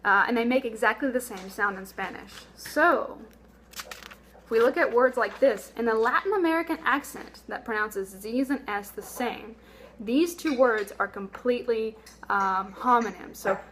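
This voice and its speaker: A young woman teaching a language lesson in a bright, clear, slightly high voice. She explains patiently and draws out each example word, repeating it so learners can copy it. A faint hum of room noise sits under her voice. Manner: patient, explanatory, sounds out words slowly and repeats them. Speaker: Spanish teacher.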